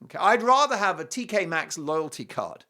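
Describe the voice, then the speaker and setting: A man's voice: high voice, moderate pace. A British man hosting a talk show, giving opinionated and mocking commentary on video clips. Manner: animated and mocking, with scornful asides.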